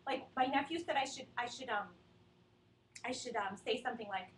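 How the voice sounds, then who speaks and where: Rambling, high-voiced woman comedian. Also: a little fast, slight background noise. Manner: rambling, self-deprecating, anxious. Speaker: stand-up comedian. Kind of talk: stand-up comedy set. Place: small TV studio. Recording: roomy sound from a distant webcam mic.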